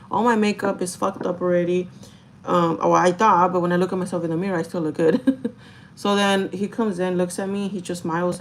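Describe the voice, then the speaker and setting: A woman's voice: medium pitch, slight background noise, rough recording. A young woman chatting candidly to camera in a storytime vlog, emotional and laughing often, swearing casually. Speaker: vlogger.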